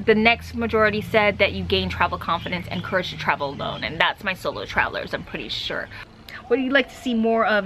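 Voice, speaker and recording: Fast-talking bright woman vlogger. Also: fairly low pitch, a little hiss or hum, low-quality recording. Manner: fast, chatty, candid. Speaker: travel vlogger. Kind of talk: casual talk to camera.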